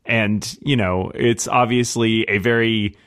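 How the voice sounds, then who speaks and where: A man's voice: fairly low pitch, fairly even intonation, unhurried, fairly bright tone, smooth. Laid-back man chatting about films. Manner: laughs often, hesitant with many ums. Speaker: podcast co-host. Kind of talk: casual movie discussion.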